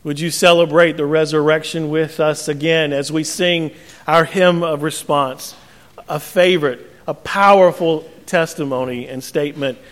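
A man's voice: fairly high pitch, fairly even intonation, moderate pace. A male pastor preaching a sermon, telling a parable and acting out its voices. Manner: storytelling, acts out voices in parables. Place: church sanctuary. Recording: church sanctuary with long reverb.

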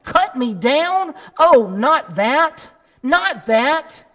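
A preacher voicing a noble male bamboo plant in a told story, pleading slowly and tremulously, recorded in a church. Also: high-pitched, fairly even intonation, a little mellow, in a large hall.

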